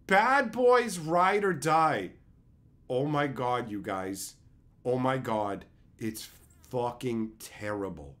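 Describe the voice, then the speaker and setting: A man's voice: fairly high pitch, a bit bright. A man streaming live, chatting casually with his chat and ranting with repeated, profane phrases. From Canada.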